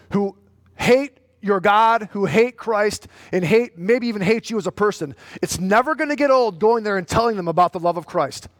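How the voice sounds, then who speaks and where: High-voiced, animated preaching man. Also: no room sound. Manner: animated, swings between low storytelling and loud exhortation. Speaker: pastor. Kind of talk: sermon.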